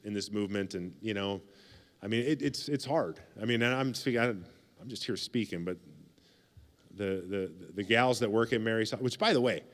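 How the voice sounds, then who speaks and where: A man's voice: lowish voice, in a large hall. A man in his forties from the United States giving a casual, joking keynote speech at a banquet, repeating phrases for emphasis. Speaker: keynote speaker. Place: banquet hall.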